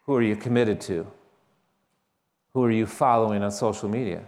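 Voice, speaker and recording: Male pastor, mid-pitched, emphatic sermon delivery, echoing church hall. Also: moderate pace. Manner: emphatic, repeats key phrases with shifting stress.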